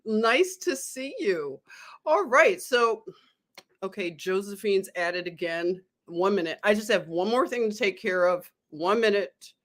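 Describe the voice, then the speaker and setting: A woman's voice: mid-range voice, a little slow, a bit bright. A woman hosting a casual live stream, chatting with her viewers and often breaking into giggles.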